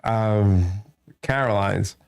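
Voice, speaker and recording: A man's voice: on the low side, extremely slow, vocal fry, darkish tone, clear, resonant tone. Man, stand-up comic guest, rambling crude anecdotes, laughs a lot, studio talk show. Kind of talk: casual comedy chat.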